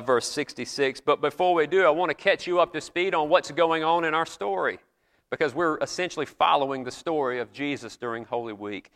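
A man's voice: mid-range voice, fairly bright tone, clean tone, big-room sound. A man preaching a sermon in a chapel, retelling scripture in an earnest, conversational storytelling way.

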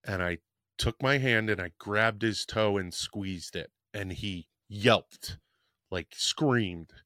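A man's voice: lowish voice, takes it slowly, pushed and bright, dry recording, studio quality. A man hosting a podcast, telling a personal story in a frank, rambling way and swearing casually. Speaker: podcast host.

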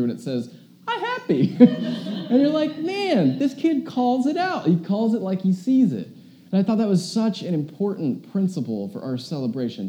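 A young man preaching a casual, chatty sermon, telling stories with lots of fillers. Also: fairly high pitch. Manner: chatty, animated storytelling with many fillers. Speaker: pastor.

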